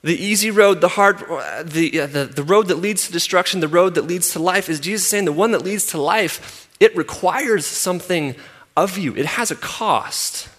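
A man in his thirties preaching a sermon, emphatic and repetitive, swinging from loud to soft. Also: sits high, normal speed, few pauses. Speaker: pastor. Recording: long hall reverb.

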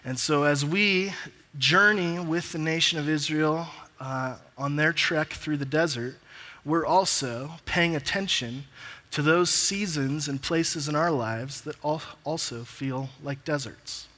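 Male pastor, slightly high voice, preaching and reading scripture in a church with long hall reverb. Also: measured pace, sharp tone.

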